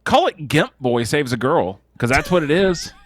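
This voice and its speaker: Animated joking male podcast host. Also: a little high, normal speed. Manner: joking, tangent-prone, swears lightly. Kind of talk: casual movie review chat.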